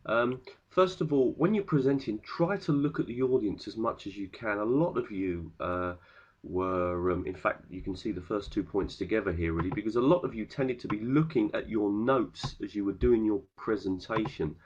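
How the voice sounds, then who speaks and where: A man's voice: lowish voice, normal speed, husky, dull audio. A man giving students recorded feedback on pronunciation, explaining word stress step by step.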